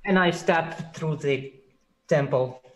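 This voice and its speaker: A player in a casual tabletop game who speaks haltingly, with pauses. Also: mid-range voice, crowd noise. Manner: very slow, halting speech. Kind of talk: casual chat at a gaming table.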